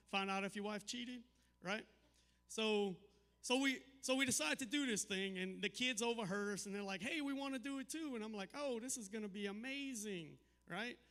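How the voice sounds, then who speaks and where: A middle-aged man doing a stand-up set, telling crude family stories with deadpan punchlines. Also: sits high, in a large hall. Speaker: stand-up comedian. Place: live comedy venue.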